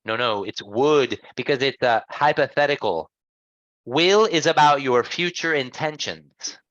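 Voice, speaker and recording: A man's voice: mid-range voice, expressive, a little slow, a bit bright, no echo, dull audio. Patient man teaching an online English class. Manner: patient, encouraging, repeats and rephrases.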